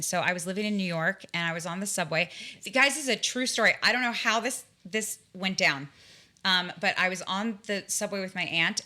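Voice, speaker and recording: A woman in her forties, a guest in an interview, telling personal stories in an animated way, often restarting her sentences. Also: mid-range voice. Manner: animated, vivid storytelling with frequent restarts. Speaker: guest, tarot reader and spiritual guide. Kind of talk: conversational storytelling in an interview.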